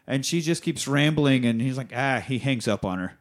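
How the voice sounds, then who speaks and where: A man's voice: medium pitch, animated, normal speed, hardly any pauses. A man hosting a podcast who recaps a movie in a loose, profane, rambling way. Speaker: podcast host.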